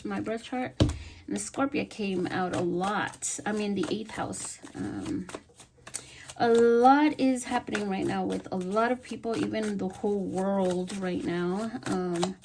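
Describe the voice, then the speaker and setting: A woman giving a casual tarot reading, soft-spoken and halting, with many fillers and repeated words. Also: mid-range voice, noisy background. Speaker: tarot reader.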